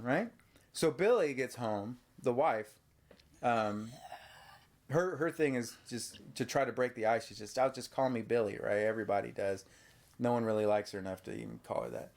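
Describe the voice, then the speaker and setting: A man hosting a casual podcast, animatedly retelling a horror movie to a child and acting out bits of it. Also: mid-range voice. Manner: animated retelling, acts out characters with yelps. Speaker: podcast host.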